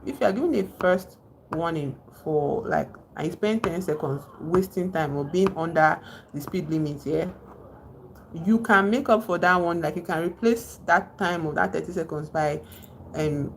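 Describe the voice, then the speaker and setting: A woman streamer talks her way through a movie recap in a loose, chatty live-stream style, often breaking off to welcome people in the chat. Her voice sits on the low side for a woman, with a faint hiss of noise under it.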